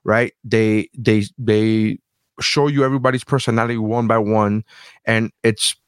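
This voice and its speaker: A man's voice: fairly low pitch, fairly even intonation, moderate pace, clear, resonant tone, no room sound. A man hosting a casual podcast chat, talking enthusiastically in long, rambling runs and swearing freely. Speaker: podcast host.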